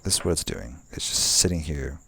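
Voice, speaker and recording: A man's voice: a bass voice, very animated, brisk, gravelly, bright, forceful tone, a little hiss or hum. A young man rambling casually outdoors at night, with many fillers and restarts, swearing now and then. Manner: meandering, frequent fillers and restarts; laid-back, swears casually. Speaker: vlogger.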